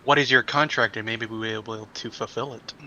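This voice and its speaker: A man's voice: fairly low pitch, steady tone, quick pace, pushed and bright, muffled recording, a little hiss or hum. A man playing in a tabletop game, asking questions in a hesitant, searching way. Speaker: player. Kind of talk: casual tabletop play.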